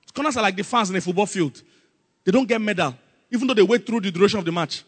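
A man preaching a sermon, animated and calling out questions for the congregation to answer. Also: high voice, quick pace, breathy edge, in a large hall. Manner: animated, call-and-response with congregation, acts out Bible scenes.

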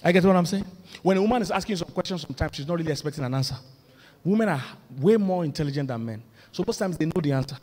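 High-voiced pastor preaching in a hall. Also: male voice. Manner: lively, humorous, builds to loud emphatic points. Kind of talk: sermon on marriage. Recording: long reverb of a large hall.

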